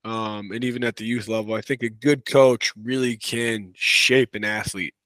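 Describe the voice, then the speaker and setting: A man talking as a wrestling coach and podcast guest in a relaxed, casual way, full of "you know" and "right.". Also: fairly low pitch, normal speed, dry recording. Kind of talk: casual conversational interview.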